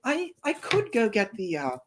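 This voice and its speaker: A livestreamer voicing a shy but clever female vehicle in a told story, speaking softly and hesitantly. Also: mid-range voice, huge pitch swings, normal speed, background noise, pitched above the performer's own voice. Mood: teasing. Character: timid, gentle female vehicle.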